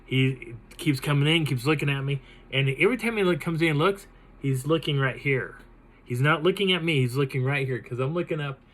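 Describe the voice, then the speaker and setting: A man's voice: fairly high pitch, fairly quick, poor audio. Man dramatically retelling an encounter. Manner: animated, dramatic retelling with laughs. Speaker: channel host. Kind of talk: telling a personal encounter story.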